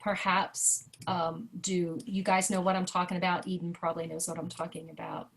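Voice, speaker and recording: Woman, jazz vocal teacher, video-call workshop, lively and hands-on. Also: lowish voice, normal speed. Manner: chatty, animated, sings rhythm syllables to demonstrate. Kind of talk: online workshop lesson.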